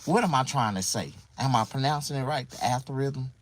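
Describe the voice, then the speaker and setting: A man's voice: mid-range voice, a little fast, rough recording. A man talking casually to viewers on a livestream, rambling and repeating himself in mock confusion.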